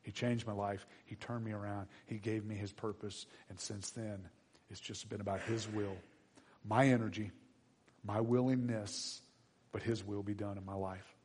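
A middle-aged male pastor preaching a sermon, animated, acting out little voices. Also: lowish voice, normal speed, slight background noise. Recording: long hall reverb.

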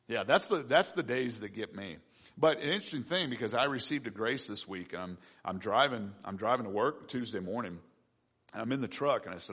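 A middle-aged man preaching a sermon, swinging between loud emphatic bursts and quiet asides, acting out prayers and quoted voices. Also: medium pitch, animated, normal speed, slightly rough. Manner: acts out his own prayers and quoted voices.

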